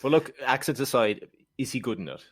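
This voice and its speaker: A man co-hosting a film podcast, talking in a quick, sardonic, joking way. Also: medium pitch, animated, no room sound. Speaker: podcast co-host. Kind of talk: casual film discussion.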